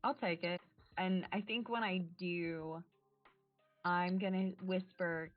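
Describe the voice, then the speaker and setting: A woman's voice: on the low side, fairly even intonation, takes it slowly, faint music behind. A woman playing a tabletop role-playing game, answering and acting boldly as her character. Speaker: player. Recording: tinny, dry phone-like sound.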